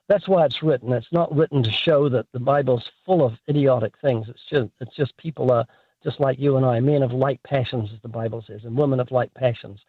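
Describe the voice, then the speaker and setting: A man with a New Zealand accent, a guest author telling lively, joking stories in a radio interview over the phone. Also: fairly high pitch, gravelly, husky, dry recording. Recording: tinny phone line.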